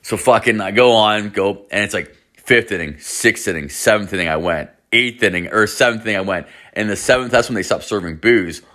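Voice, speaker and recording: Male podcast host with a low voice, telling a rambling, profane story in casual chat. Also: brisk, bright, forceful tone. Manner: rambling, heavy swearing, lots of fillers.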